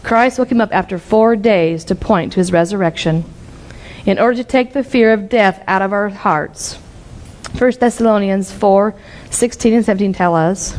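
A woman's voice: medium pitch, moderate pace, a little mellow. A middle-aged woman preaching an earnest Bible-teaching sermon, reading scripture passages aloud.

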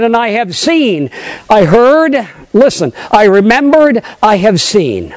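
An older man preaching a sermon, emphatic, repeating phrases and calling for responses from the congregation, dropping into low hushed asides. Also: dry recording, poor audio. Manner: emphatic, swings between loud high declarations and low hushed asides.

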